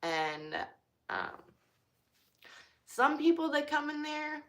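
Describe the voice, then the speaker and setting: A woman's voice: high-pitched, sing-song, slow, a bit bright. A young woman who works as a cashier talking casually and from the heart, full of "like" and "you know" fillers. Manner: chatty, filler-heavy, heartfelt. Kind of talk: casual personal talk.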